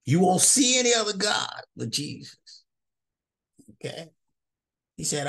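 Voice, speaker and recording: A male Bible teacher works through scripture verse by verse in a loose, conversational style, often checking in with his listeners. His voice sits a little high, with a gravelly, husky grain. He repeats and restarts words as he talks. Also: sing-song, measured pace, long pauses, fairly bright tone.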